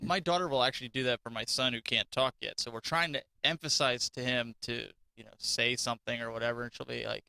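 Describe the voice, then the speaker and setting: A man's voice: mid-range voice, steady tone, quick pace, gravelly, few pauses, bright, forceful tone, clean tone, no room sound. A male podcast co-host and father of two, chatting casually and laughing easily as he tells stories. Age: adult father of two.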